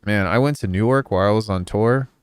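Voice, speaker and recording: A young man from New Jersey talks loosely to his stream while he works on a track. His voice sits a little low, and the sound is dry and close. He rambles and swears offhandedly in a laid-back way. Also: fast, smooth, no echo. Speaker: music producer streaming. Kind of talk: casual livestream chat.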